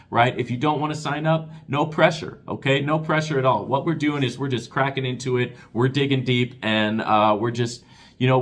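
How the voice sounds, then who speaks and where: A man hosting a casual Q&A vlog, expressive and excitable, his voice rising when he gets worked up, talking to viewers as guys and man. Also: medium pitch. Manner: expressive, talks with his hands. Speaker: crypto channel host.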